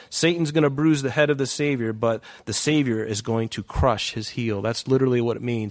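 A man's voice: mid-range voice, fairly even intonation, brisk, hardly any pauses. Emphatic male preacher. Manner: emphatic, repeats key phrases; points listeners to verses. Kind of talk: sermon.

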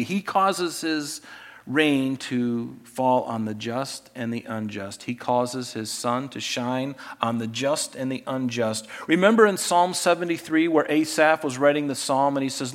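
A man preaching a sermon, animated, swinging between loud emphasis and quiet asides. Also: medium pitch, normal speed. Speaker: pastor.

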